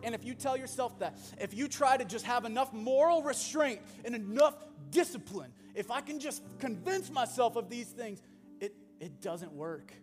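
A male pastor preaching a sermon, animated, swinging from loud bursts to hushed asides. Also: high voice. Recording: long hall reverb with music behind.

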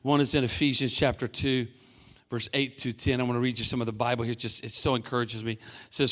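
A middle-aged male pastor preaching a sermon, telling stories in an animated way and shouting out lines for emphasis. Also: mid-range voice, quick pace.

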